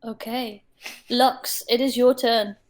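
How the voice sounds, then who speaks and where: Woman game master on an online call, fairly high voice, vivid and halting narration. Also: steady tone. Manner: vivid descriptive narration with hesitant pauses.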